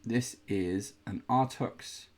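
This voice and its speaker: Slow-paced and on the low side, a man hosts a casual indoor miniatures unboxing. His talk is chatty and rambling, dotted with playful groans of disgust.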